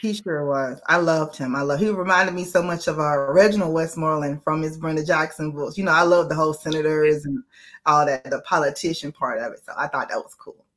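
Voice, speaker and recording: A woman's voice: deep voice, brisk, fairly bright tone. A woman from Atlanta with a Southern accent, hosting a casual interview, playful and laughing often. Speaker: host.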